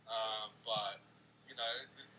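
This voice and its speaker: A man's voice: lowish voice, fairly even intonation, takes it slowly, crowd noise, poor audio. A man with an Australian accent co-hosting a casual crypto livestream, laid-back and jokey. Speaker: co-host.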